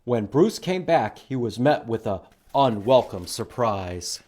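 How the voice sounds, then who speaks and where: Children's librarian, male, slow and expressive storytime reader. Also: mid-range voice. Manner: animated, asks the listeners questions. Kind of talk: reading a picture book aloud to children.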